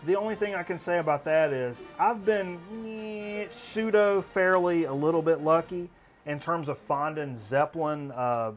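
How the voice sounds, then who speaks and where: A man's voice: fairly high pitch, moderate pace. A man hosting a casual record-collecting chat show, rambling with lots of restarts, faint music behind him. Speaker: host.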